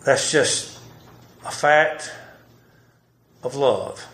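A man's voice: mid-range voice, drawn-out words, creaky, fairly bright tone. A man preaching a sermon. He reads old scripture aloud and stops to comment on it. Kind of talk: sermon with Bible reading. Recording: roomy echo.

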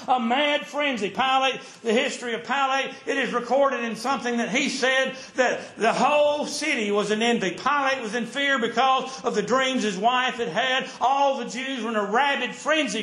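A man's voice: high-pitched, normal speed, fairly bright tone, roomy sound. A man preaching a sermon to his congregation, with an emphatic, repetitive preaching cadence.

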